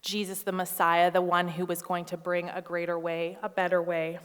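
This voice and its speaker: A woman in her thirties preaching a sermon as a pastor, animated and storytelling, acting out voices with humorous asides. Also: lowish voice, normal speed, smooth, in a large hall. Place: church hall.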